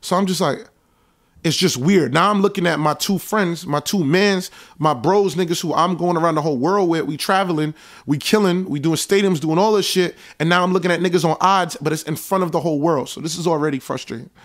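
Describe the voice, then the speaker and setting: High-voiced New man telling a story. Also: fairly quick. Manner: animated, reenacts conversations in a raised voice. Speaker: show host recounting events. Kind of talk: casual storytelling monologue.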